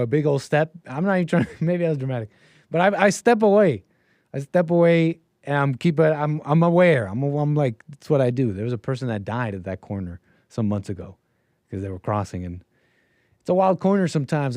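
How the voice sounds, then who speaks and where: A man's voice: a little high, a little mellow, no room sound, clean studio sound. Rambling man hosting a call-in stream. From United States. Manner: rambling, with frequent restarts and asides. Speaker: livestream show host. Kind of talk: casual call-in show monologue.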